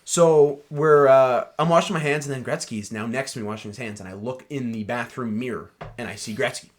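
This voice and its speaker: Fast-talking young man telling a story. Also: mid-range voice. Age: young adult. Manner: animated storyteller, full of fillers. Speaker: podcast co-host. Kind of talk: casual chat.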